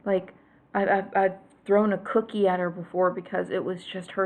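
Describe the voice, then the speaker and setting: Gravelly-voiced woman ranting exasperatedly. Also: medium pitch, level tone, normal speed, a little mellow. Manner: exasperated, emphatic, drops to whispers for punchlines. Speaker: mother venting to viewers. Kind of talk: casual vlog rant.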